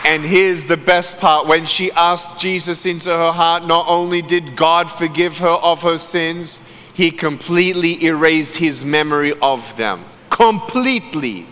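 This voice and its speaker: A man, an evangelist, preaching a testimony as an animated storyteller who acts out the voices he quotes. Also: fairly high pitch, measured pace, clear, resonant tone, some chatter behind. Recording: echoey hall with long reverb.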